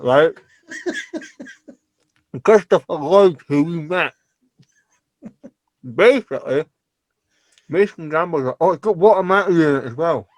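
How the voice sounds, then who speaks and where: A man's voice: fairly high pitch, animated, measured pace, long pauses, no echo. A man with a Scottish accent co-hosting a podcast, talking animatedly with lots of laughs and casual swearing. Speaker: podcast co-host. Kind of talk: casual chat.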